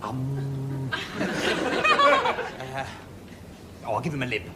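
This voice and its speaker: An actor with a British accent playing a vain, pompous out-of-work actor in a studio sitcom, talking in a theatrical, self-dramatizing way, with audience laughter. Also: male voice, medium pitch, wildly swooping pitch, extremely slow, loud music behind the voice, a loud crowd, exaggerated voice. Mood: grandiose. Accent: British English.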